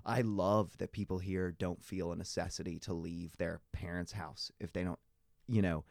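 A man chatting casually, telling animated stories with many fillers. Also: low-pitched, normal speed, vocal fry, no echo, studio quality. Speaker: guest. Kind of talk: casual conversation.

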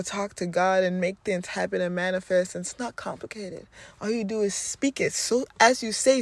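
A woman's voice: medium pitch, moderate pace, darkish tone, no echo. A woman podcast host delivering a spiritual affirmation talk, repeating phrases with rhythmic emphasis.

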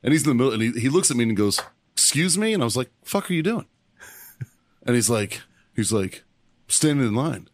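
A man co-hosting a podcast, telling a profane story in a casual, animated way and acting out the shouting in it. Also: mid-range voice, fast. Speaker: podcast co-host.

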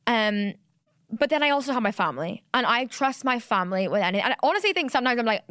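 A woman's voice: on the high side, sing-song, quick pace, fairly bright tone, dry recording, studio quality. A young woman, hosting a solo podcast, talking candidly and rambling with many fillers and restarts. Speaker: podcast host. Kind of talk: solo confessional podcast monologue.

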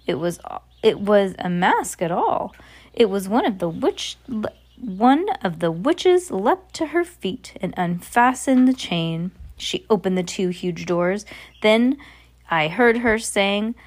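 A woman reads a children's novel aloud at an easy pace. She breaks off for chatty asides and restarts words freely. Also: medium pitch. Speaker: reader. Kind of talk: casual reading of a novel aloud.

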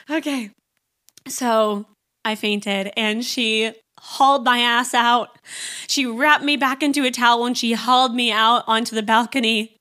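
A woman's voice: a little high, steady tone, normal speed, pushed and bright. A young adult woman hosting a podcast, telling a personal story in a candid, chatty way, full of "like" and blunt asides. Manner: candid and chatty, heavy use of "like"; blunt, frank about awkward topics. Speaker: podcast host. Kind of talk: casual storytelling monologue.

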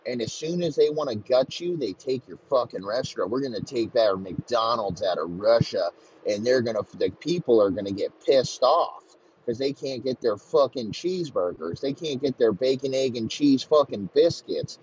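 A man's voice: medium pitch, animated, normal speed, darkish tone, breathy edge. A man ranting crudely and mockingly, swearing constantly in a comedic tirade. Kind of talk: profane comedic rant. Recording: slightly muffled lo-fi recording, faint background noise.

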